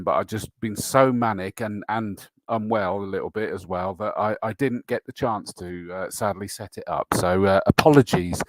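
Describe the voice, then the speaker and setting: A man's voice: lowish voice, no room sound. A middle-aged man hosting a motorsport livestream show, greeting viewers by name in a matey, casual way with lots of fillers. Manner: chatty and matey, frequent fillers and laughs. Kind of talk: casual live-stream chat reading viewer comments.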